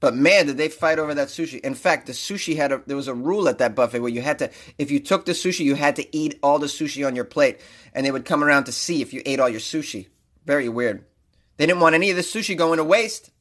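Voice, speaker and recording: A man hosting a comedic news talk show, mocking stories with loud rants and frequent laughter. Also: on the high side, fast. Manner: ranting, mocking, rising to loud outbursts; laughs often while talking. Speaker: podcast host reading news.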